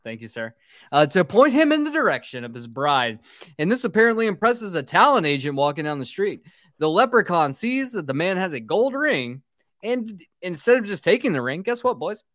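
A man's voice: high voice, big pitch swings, moderate pace, a bit bright, no room sound, studio quality. A man hosting a boozy movie podcast, recapping a film from his script with swearing and jokes. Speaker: podcast host.

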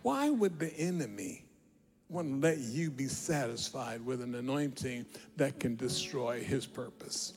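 Gravelly-voiced preacher man, soft music behind. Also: expressive, measured pace. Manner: swings between loud declaring and low confiding asides; retells scripture with acted dialogue. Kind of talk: sermon.

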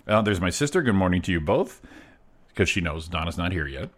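Male morning show co-host, low voice that swings widely, casual and upbeat. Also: a little fast. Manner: upbeat, animated, laughs often. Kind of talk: casual chat.

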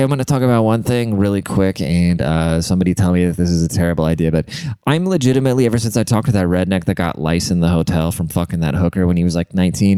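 A man's voice: low voice, mellow, smooth, dry recording. A young man rambling in a casual, profane, self-deprecating monologue as a podcast host.

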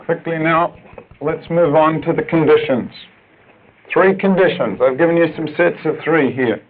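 A man preaching a sermon to other preachers, emphatic and urgent, dropping at times to quiet, earnest asides. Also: fairly high pitch, steady tone, normal speed. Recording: tinny lo-fi old tape recording.

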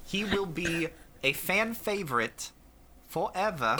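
A podcast co-host throws in sarcastic, giggling jokes during casual chat. The voice swings widely in pitch. A clear hiss sits under the recording. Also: lively intonation, takes it slowly.

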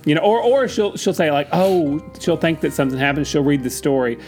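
Man, podcast co-host, casual chat, acts out quotes, fairly high voice, faint music. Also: a little fast, darkish tone. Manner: chatty storytelling, acting out quotes with gasps.

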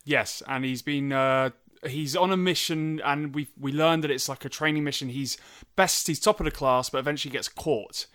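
A man's voice: fairly high pitch, steady tone, normal speed, fairly bright tone, clean tone. A man co-hosting a casual film podcast, playfully retelling the plot. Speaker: podcast co-host. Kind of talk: casual film review chat.

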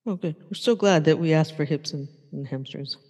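A yoga instructor leading a live class, giving calm, steady instructions paced to the breath. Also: medium pitch, brisk. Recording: long reverb in a large room.

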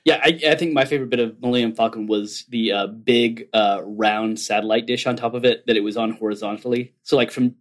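A man's voice: mid-range voice, fairly even intonation, a little fast, few pauses. A man hosting a casual podcast chat, talking loosely and asking the others questions. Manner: chatty, asks the others questions. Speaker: podcast host.

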